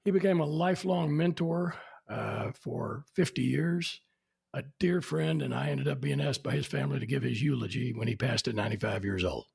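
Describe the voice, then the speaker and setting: A man's voice: medium pitch, normal speed, creaky, slightly rough. A man, telling anecdotes as a podcast guest and acting out the people he quotes. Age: 70s. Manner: animated, acts out quoted people. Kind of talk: anecdotal storytelling.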